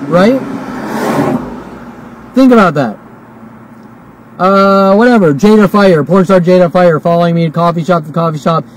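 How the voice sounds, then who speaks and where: A man's voice: high-pitched, a little mellow, rough recording. A man in his forties ranting to camera in a heated, repetitive monologue, swearing often and hiccuping and burping as he talks. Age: 40s. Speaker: vlogger.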